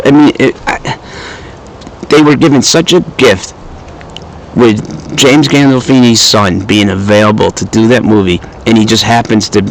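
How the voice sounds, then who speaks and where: A man giving a casual movie review, animated and storytelling, who swears freely and acts out the lines he quotes. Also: medium pitch, low-quality recording.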